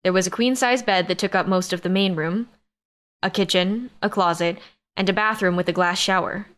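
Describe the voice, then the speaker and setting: A woman with a mid-range voice narrates a first-person audiobook. She tells the story at a steady pace. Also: medium pitch, moderate pace.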